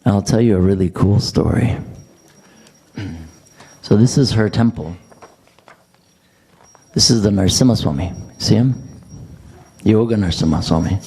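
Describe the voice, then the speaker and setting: A man's voice: lowish voice, unhurried, long pauses, warm tone, husky. A man giving a class at a temple, telling chatty, joking anecdotes to a gathered audience. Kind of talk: storytelling scripture class.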